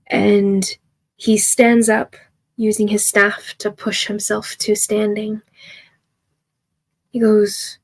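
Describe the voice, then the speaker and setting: A woman game master narrating a tabletop game in a halting way, with many fillers and restarts. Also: medium pitch, flat delivery, gravelly.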